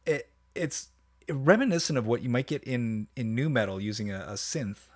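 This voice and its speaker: A man reviewing a song in casual commentary, enthusiastic and halting, with many restarts and fillers. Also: medium pitch, lively intonation. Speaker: music reviewer.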